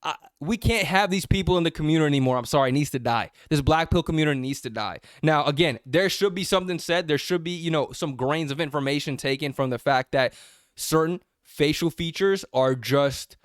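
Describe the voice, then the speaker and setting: Brief: young male vlogger, slightly high voice, dry close mic, mocking and profane, confrontational. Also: brisk, no echo. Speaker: self-improvement vlogger. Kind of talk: blunt direct-to-camera rant.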